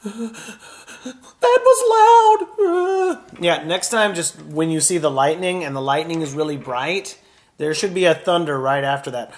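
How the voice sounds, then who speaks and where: Encouraging male drama teacher. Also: fairly high pitch. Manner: gentle, encouraging, demonstrative. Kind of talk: children's drama lesson.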